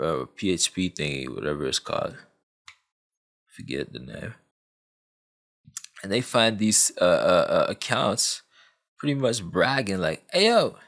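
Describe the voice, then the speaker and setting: A man tells a true story casually, rambling through fillers and side remarks. He speaks slowly with a gravelly grain, and his pitch moves a lot. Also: lively intonation, a bit bright. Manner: rambling, lots of fillers and asides.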